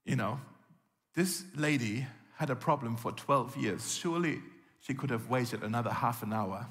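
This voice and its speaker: A man's voice: medium pitch, moderate pace, fairly bright tone. Man preaching in a reverberant hall. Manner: conversational storytelling, acts out quoted lines. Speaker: pastor. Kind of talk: sermon.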